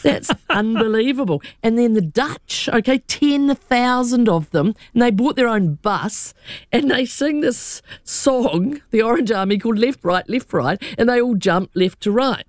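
A woman's voice: a little high, lively intonation, a little slow, no room sound, studio quality. A woman, a radio panelist chatting animatedly and laughing as she tells stories.

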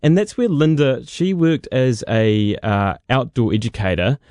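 A man, a radio producer presenting a feature segment in a relaxed, conversational storytelling manner. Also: medium pitch, unhurried, no room sound, studio quality.

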